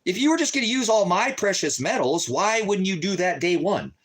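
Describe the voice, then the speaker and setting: An agitated man rants through a personal grievance. His slightly high voice swings widely up and down as he acts out his arguments, and he swears freely. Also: lively intonation, brisk, fairly bright tone. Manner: agitated, profane, retells arguments in quoted voices. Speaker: storyteller venting. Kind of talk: casual rant.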